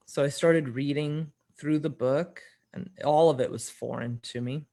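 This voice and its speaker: A woman's voice: low voice, unhurried, few pauses, dark tone. A middle-aged woman, a podcast guest, telling a personal story in conversation. She acts out the dialogue, often shifting her voice for the quotes, and laughs now and then.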